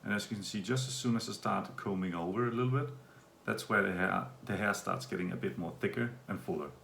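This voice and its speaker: Man, low gravelly voice, casual rambling vlog talk, echoey room, faint background hum. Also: fast talker. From Denmark. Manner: relaxed, rambling, with fillers. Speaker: vlogger. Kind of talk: casual video update.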